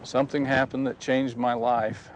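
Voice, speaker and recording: A man's voice: mid-range voice, level tone, normal speed. Guy telling a story outside, folksy, wind on the mic, faint noise behind. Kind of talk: personal testimony told outdoors.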